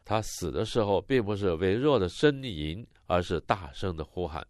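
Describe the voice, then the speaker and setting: A man interpreting a sermon line by line, expressive and rising on the quoted cries. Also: deep voice, normal speed, no room sound, studio quality.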